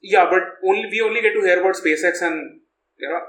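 A man's voice: high voice, fast, fairly bright tone, a little hiss or hum. Laughing man in echoey room. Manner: laughs often, trails off and restarts. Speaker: podcast co-host. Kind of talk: casual chat.

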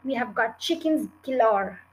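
A woman voicing a clever, confident male fox in a storybook reading, speaking in a bright, reassuring voice. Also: fairly high pitch, expressive, a little slow, poor audio. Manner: reassuring, sly.

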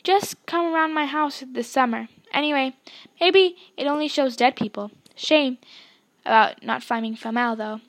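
Eager, exclaiming young boy, put on by a woman reading a storybook; high and bright. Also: normal speed. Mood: chatty.

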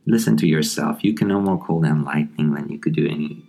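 A man's voice: extremely low pitch, brisk, gravelly, warm tone, exaggerated voice. A man reading out the lines of a skeptical, scolding young woman from a comic, in his own voice.

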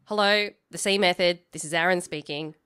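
A woman's voice: on the low side, a little fast, bright, forceful tone, clear, resonant tone. A woman voicing a friendly male secretary answering the office phone in a cheerful, casual tone.

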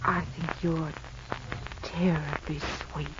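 An actress playing a lonely, wealthy middle-aged unmarried woman in a 1940s radio drama, speaking softly and emotionally. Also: sits low, little pitch movement, slow. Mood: tender. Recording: muffled old radio recording with hiss.

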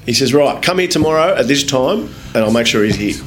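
A man with an Australian accent, a guest telling lively anecdotes in a casual interview, swearing freely and acting out other people's lines. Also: medium pitch, fairly quick, faint music behind. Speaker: guest, business owner. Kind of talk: casual storytelling in a podcast interview.

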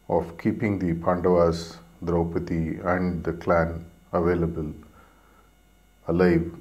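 A man who teaches meditation gives a reflective storytelling talk. He speaks hesitantly and pauses with frequent fillers. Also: low-pitched, darkish tone.

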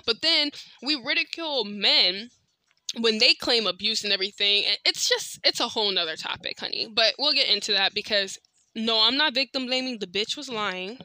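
A woman hosts a casual podcast and tells the story to her listeners in a blunt, animated way, full of slang. Her voice sits a little high and sounds very bright. The recording is dry and close, with no room sound. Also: moderate pace, dry recording. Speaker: podcast host.

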